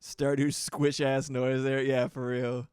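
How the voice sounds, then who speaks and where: A man's voice: medium pitch, little pitch movement, takes it slowly, a little mellow, clean tone, dry recording. A man chatting casually on a livestream while he builds sounds, rambling, laughing often and swearing. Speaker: streamer and music producer.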